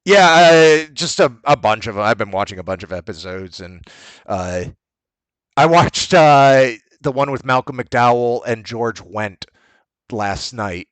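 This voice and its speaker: Rambling, animated male podcast co-host. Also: medium pitch, no room sound. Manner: rambling storyteller, retells scenes with quick impressions. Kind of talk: casual chat.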